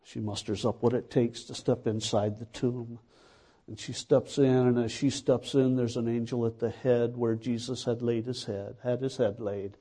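A man's voice: mid-range voice, little pitch movement, normal speed, mellow. A man preaching a sermon, retelling a scripture story dramatically and building to fervent emphasis.

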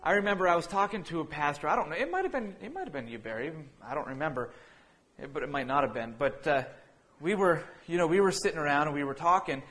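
A man with a somewhat raised voice preaches a relaxed sermon, telling a family story as if chatting with friends. He wanders through his anecdote, restarting sentences and leaning on fillers along the way. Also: on the high side, quick pace. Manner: breaks into laughter while telling a funny story.

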